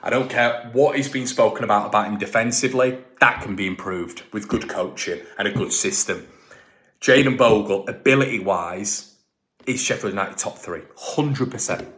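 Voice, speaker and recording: A man's voice: lowish voice, moderate pace, a bit bright. A man hosting a football fan channel, talking casually and emphatically and often repeating himself and restarting lines.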